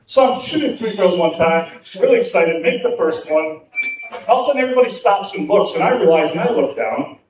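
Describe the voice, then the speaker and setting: A man's voice: high-pitched, lively intonation, a little fast, echoey room. A man doing a stand-up set, telling crude stories in a loose, rambling way, heard through a venue PA from far off with a crowd. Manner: loose storytelling with crude jokes. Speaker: stand-up comic. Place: small comedy venue stage. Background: audience crowd.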